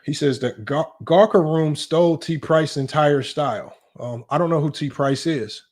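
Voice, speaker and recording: Man, livestream sports host, fairly high voice, casual teasing chat. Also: moderate pace. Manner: animated, teasing, voice jumps high in mock disbelief.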